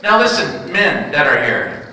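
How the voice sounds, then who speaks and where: A man in his fifties performing stand-up, his voice bright and high for a man, swinging up and down as he tells his stories. He turns to the crowd to ask questions. The sound is roomy and comes from far off in a large hall with a long echo. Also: very animated, measured pace. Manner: storytelling, crowd work with audience. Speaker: stand-up comedian. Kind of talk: stand-up comedy.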